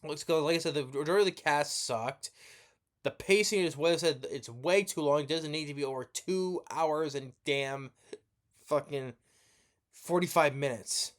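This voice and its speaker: A man's voice: a little high, moderate pace. Sleepy man ranting in a review. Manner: rambling and profane, many restarts. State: sleepy, yawning. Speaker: movie reviewer.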